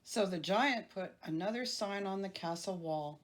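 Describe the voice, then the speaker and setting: A woman storyteller reading a children's picture book aloud in an expressive, unhurried way. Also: medium pitch. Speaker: library storyteller.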